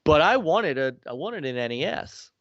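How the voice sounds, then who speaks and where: Animated storyteller, man in his forties, dry, slightly dull recording. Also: normal speed, no echo. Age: 40s. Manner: animated, acts out quotes with big pitch swings. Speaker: guest. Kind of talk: casual chat, storytelling.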